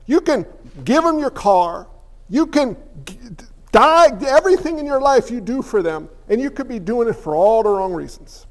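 A man's voice: very high-pitched, expressive, normal speed. A man preaching a sermon as a pastor, conversational and joking, with lots of rhetorical questions to the congregation.

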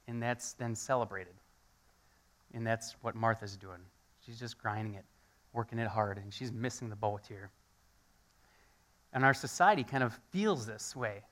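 A man preaches a conversational sermon, his voice bright and forceful. He tells everyday stories and plays the people in them with lively energy. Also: lowish voice, a little slow, long pauses. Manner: animated storytelling, acts out quoted voices. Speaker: pastor.

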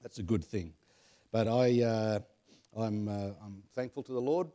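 A man's voice: fairly low pitch, fairly even intonation, a little slow, dark tone. An Australian man chatting casually about family history, rambling with many fillers and chuckling at his own jokes. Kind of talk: casual chat.

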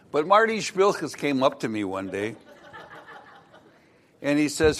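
A man's voice: a little high, sing-song, slow, long pauses, a bit bright. A male pastor telling a joke in his sermon, in a folksy, chuckling storytelling manner.

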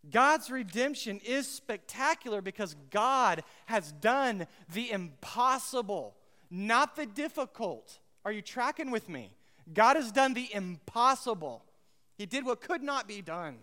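Man, pastor, sermon, emphatic, repeats key phrases, smooth resonant voice, long hall reverb. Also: sits high, sing-song, measured pace. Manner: emphatic, repeats key phrases, swings between loud and hushed; asks the congregation questions.

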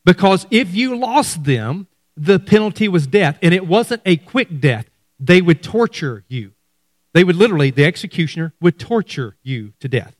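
A man's voice: high-pitched, very animated, moderate pace, no room sound, clean studio sound. A middle-aged man preaching a sermon, speaking animatedly to his congregation. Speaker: pastor.

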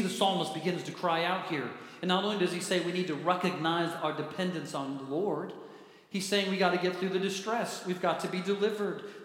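Male pastor, slightly high voice, emphatic sermon delivery, heavy hall reverb. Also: fairly bright tone. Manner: emphatic preaching, voice dropping low at phrase ends.

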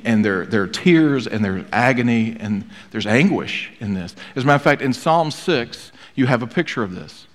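Earnest male preacher in a reverberant hall. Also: mid-range voice. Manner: earnest preaching with emphatic repetition. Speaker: pastor. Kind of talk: sermon.

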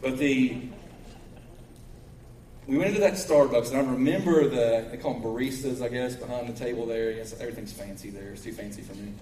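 A pastor with a Kentucky accent, preaching a sermon in a folksy way that swings between loud preaching and quiet storytelling. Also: male voice, mid-range voice, a little fast, roomy sound, far from the mic, a little hiss or hum, poor audio. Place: church sanctuary.

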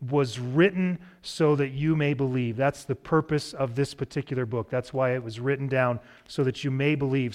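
A man preaching a sermon as pastor in a church sanctuary, relaxed and cracking light jokes to the congregation. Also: medium pitch. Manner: relaxed, joking asides to the congregation.

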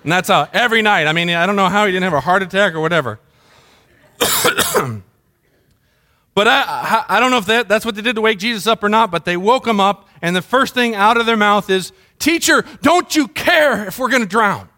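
Middle-aged man, pastor, sermon delivery with a high-set voice, chatty and story-driven. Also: quick pace, hardly any pauses, bright, forceful tone. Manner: conversational storytelling, mimics sounds.

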